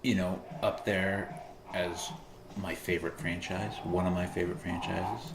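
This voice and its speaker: A man's voice: low voice, fairly even intonation, measured pace, vocal fry, reverberant, heavy background noise. A man casually commentating while he plays a video game, chatty, laughing often and explaining game mechanics. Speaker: player commentating on his gameplay.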